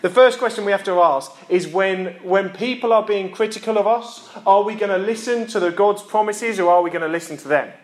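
A man's voice: sits high, a little fast, hardly any pauses. A young man, a lay preacher who teaches physics, giving an earnest sermon that repeats its key lines for emphasis. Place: church hall. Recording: echoey church room.

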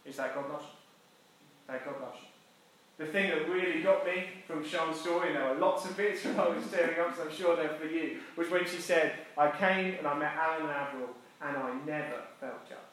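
Animated Essex preacher in echoey church. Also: male voice, a little high, fairly quick, hardly any pauses. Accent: Essex English. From Essex, England. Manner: animated, jokey, drops to soft intimate delivery for emphasis. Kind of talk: sermon.

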